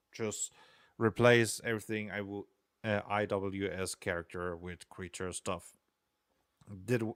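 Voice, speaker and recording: Rambling low-voiced man coding on stream. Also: no room sound, clean studio sound. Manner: rambling, self-deprecating, chuckles often. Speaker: game designer streaming programming. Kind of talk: casual live-stream chatter while coding.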